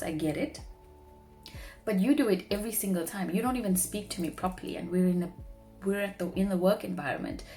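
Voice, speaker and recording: A woman's voice: lowish voice, darkish tone. A young woman speaking earnestly to camera in a personal vlog, sharing heartfelt reflections. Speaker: vlogger; marketing professional.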